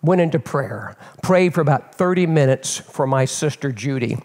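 An older man preaching as a pastor and telling a personal story in an animated, candid way, often repeating words as he builds. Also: a little high, moderate pace. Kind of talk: storytelling sermon. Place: church sanctuary. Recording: long reverb of a church hall.

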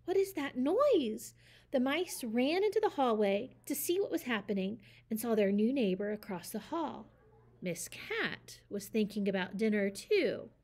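Female storyteller, expressive read-aloud of a picture book; slightly high voice, animated. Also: normal speed. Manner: lively, expressive reading.

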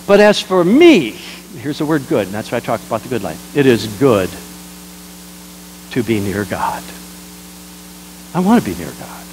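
A man, a pastor, preaching a sermon, jumping between loud exclamations and quiet asides and leading the congregation in repeating lines. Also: medium pitch, very animated, moderate pace, long pauses, a little hiss or hum, low-quality recording. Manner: leads the congregation in call-and-response.

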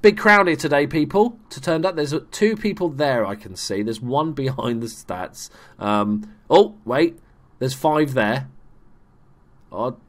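Young male gaming YouTuber, chatty and self-deprecating, loose play-by-play. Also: medium pitch. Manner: chatty, self-mocking, swears when excited. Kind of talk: casual let's play commentary.

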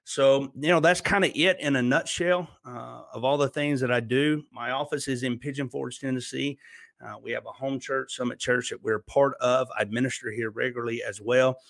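A man's voice: mid-range voice, steady tone, moderate pace, gravelly, a bit bright, no room sound. A man in his forties from Alabama speaks with a Southern accent. He introduces himself plainly and earnestly over a video call. The sound is dry and close, with no room around it. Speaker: minister and podcast guest.

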